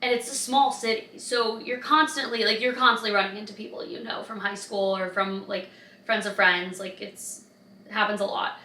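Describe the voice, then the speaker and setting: A woman's voice: mid-range voice, moderate pace, far from the mic. A young woman vlogging in a casual, chatty way, telling stories with lots of "like". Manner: chatty, lots of "like", animated retelling. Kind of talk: casual vlog chat. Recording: roomy sound from off-mic.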